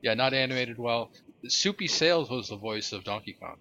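A podcast co-host chats casually, slipping in dry, sarcastic asides. His mid-range voice has lively intonation, normal speed, and a bright, forceful tone. The lo-fi audio sounds dull, with a little hiss or hum.

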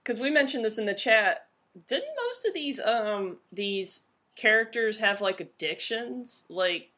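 A woman's voice: a little high, big pitch swings, measured pace, bright, forceful tone. A woman co-hosting a podcast in casual chat, rambling with lots of fillers. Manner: chatty, rambling with many fillers. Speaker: podcast co-host.

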